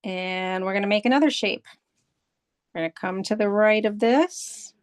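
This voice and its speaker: A woman's voice: medium pitch, moderate pace, clean tone, no room sound, clean studio sound. A woman art instructor leading a step-by-step drawing lesson, patiently walking through and repeating each step. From United States.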